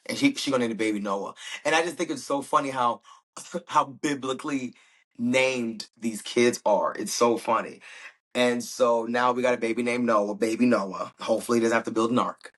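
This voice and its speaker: A man's voice: medium pitch, normal speed. A man hosting a podcast, casually recapping a TV episode in a chatty, slangy way and acting out quoted lines. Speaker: podcast host.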